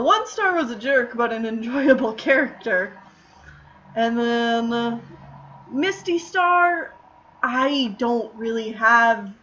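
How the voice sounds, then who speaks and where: A woman's voice: a little high, sharp tone, muffled recording, slight background noise. A woman streamer chatting casually while drawing, answering questions in a rambling way with lots of fillers.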